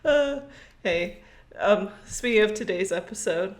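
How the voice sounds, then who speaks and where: A woman's voice: mid-range voice, expressive, takes it slowly, fairly bright tone. A woman co-hosting a podcast in casual chat, telling stories animatedly with frequent giggles. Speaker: podcast co-host.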